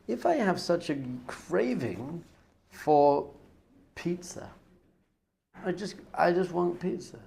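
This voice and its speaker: A rabbi giving a Torah class, animated, acting out other people's voices with gasps and whispers. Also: male voice, high-pitched, takes it slowly, creaky, long pauses. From not American.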